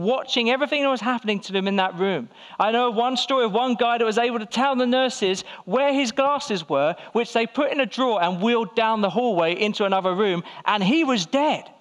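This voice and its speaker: A man's voice: high voice, fairly bright tone. A man pastor preaching a conversational sermon to his church, firing rhetorical questions and acting out quoted voices. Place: church hall.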